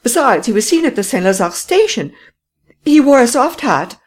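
A shrill, frantic society lady. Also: big pitch swings, moderate pace, slightly rough. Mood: insistent. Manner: shrieking, breathless, weeping.

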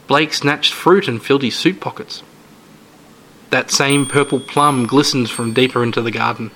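A man reading a short story aloud as narrator, in a steady, measured way. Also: medium pitch, low-quality recording.

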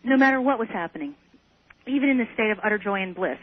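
A woman's voice: medium pitch, animated, fast, no room sound. A woman guest in an interview, earnestly recounting a personal experience with some hesitant restarts. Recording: tinny phone line on radio.

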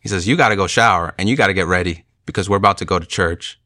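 Young man, low voice, sharing a heartfelt testimony, emotional and earnest, dry close sound. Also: very fast, pushed and bright, no echo. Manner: earnest, emotional, with frequent "you know" fillers. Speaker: speaker sharing a conversion testimony. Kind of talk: personal testimony, casual storytelling.

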